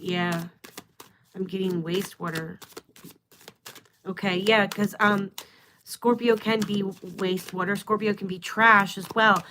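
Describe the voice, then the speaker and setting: A woman's voice: fairly low pitch, noisy background. A woman giving a live-stream tarot reading, musing aloud and trailing off as she asks the cards questions. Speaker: tarot and astrology reader.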